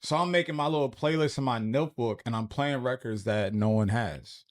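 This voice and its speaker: A man in his forties from New Jersey, a radio personality telling relaxed stories as a podcast guest, with many fillers. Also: medium pitch, brisk, dry recording, studio quality. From Plainfield, New Jersey. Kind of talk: casual podcast interview.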